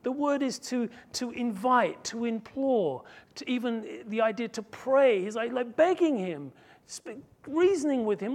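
A man preaching a sermon as pastor, telling the story slowly and emphatically with dramatic flair. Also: very high voice, animated.

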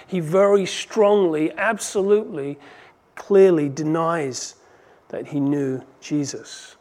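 A man preaching an expository sermon, reading scripture aloud and moving between emphatic and hushed delivery. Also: a little high, slow.

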